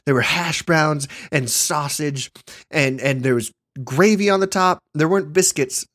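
A man chatting casually with friends, somewhat high-voiced and recorded close and dry. He tells stories with plenty of laughter and little acted-out quotes. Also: measured pace, fairly bright tone, dry recording. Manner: storytelling, laughs often, acts out quoted voices. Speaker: podcast co-host. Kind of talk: casual chat.

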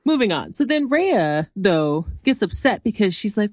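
A woman in easy, casual recap talk who breaks into playful voices whenever she quotes someone. Her voice sits at an ordinary middle pitch, and the recording is close and dry. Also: moderate pace, few pauses, no room sound. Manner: animated, acts out characters in quotes. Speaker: podcast co-host.

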